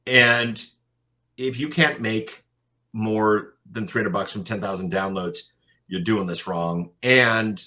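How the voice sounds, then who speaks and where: A man, a podcast consultant, telling animated anecdotes in an interview, often repeating his words as he goes. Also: lowish voice, slow pace. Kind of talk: interview storytelling.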